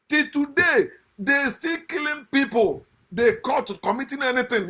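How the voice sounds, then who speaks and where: A man giving a passionate, mocking monologue on scripture, swinging from loud outbursts to low muttered asides. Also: animated, a little slow, breathy edge. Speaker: online speaker critiquing scripture.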